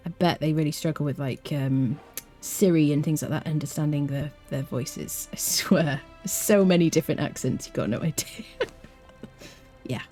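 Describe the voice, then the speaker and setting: Chatty woman streaming a game, mellow voice. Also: low-pitched, normal speed, faint music behind. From United Kingdom. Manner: chatty, talks to viewers in chat. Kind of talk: live-streamed gameplay commentary.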